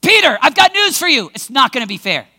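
Guy preaching loud and dramatic, acts stuff out, big echoey hall. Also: very high voice, sing-song, quick pace, vocal fry. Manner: dramatic, acts out scenes, bursts into shouts. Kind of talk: sermon.

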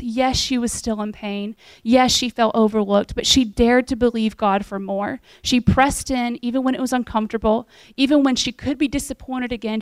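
A woman delivering a sermon, telling a scripture story in an earnest, conversational way. Her voice sits a little high with a gravelly edge, and the sound is close and dry. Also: dry recording. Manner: earnest storytelling, retelling scripture in plain words. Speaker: preacher.

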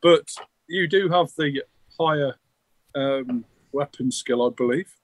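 A man's voice: fairly high pitch, takes it slowly, dry recording, rough recording. A man narrating a tabletop game as game master, rambling loosely with many fillers.

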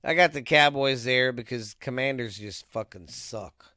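This podcast host reads scores and gives his sports picks in a loose, rambling monologue full of cursing. His mid-range voice is unhurried with a sharp edge, captured at studio quality without echo.

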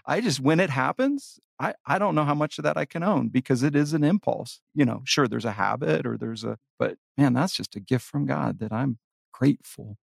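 A man's voice: mid-range voice, moderate pace, vocal fry, no room sound, clean studio sound. A man speaking candidly and self-deprecatingly in a reflective spiritual conversation.

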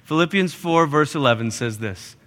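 A man preaching a sermon as pastor, animated and acting out quoted voices with big jumps in pitch. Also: moderate pace. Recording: live church hall reverb.

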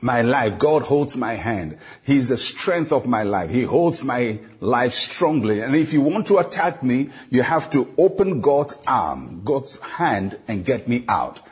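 A man with a husky, slightly rough voice delivers a devotional sermon as a pastor. He teaches at a measured pace, drawing out scripture quotes and filling the gaps between phrases with "uh." His pitch sits in an ordinary middle range. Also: big pitch swings. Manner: frequent "uh" fillers between phrases.

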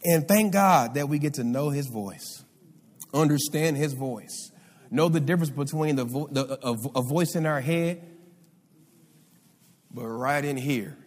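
A man's voice: a little high, unhurried, pauses often. A male pastor preaching a sermon, calling out for responses from the congregation. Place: church sanctuary. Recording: live hall reverb.

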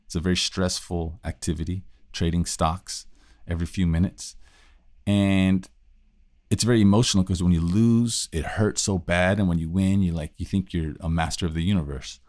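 A man's voice: low-pitched, fairly even intonation, normal speed, a little mellow, no echo, studio quality. A man hosting a solo talk on communication, thinking aloud in a loose, casual way with frequent restarts. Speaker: podcast host teaching communication.

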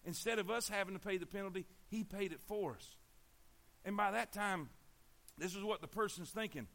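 A man with a high-pitched, slightly bright voice preaches at a normal speed on sharing the gospel. He's emphatic, repeating words and asking the congregation to answer him back.

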